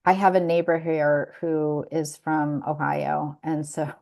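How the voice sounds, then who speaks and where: A woman's voice: low voice, little pitch movement, slow pace, creaky, a little mellow. A woman co-hosting a podcast, telling a story in casual chat, laughing often and restarting her sentences. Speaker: podcast co-host.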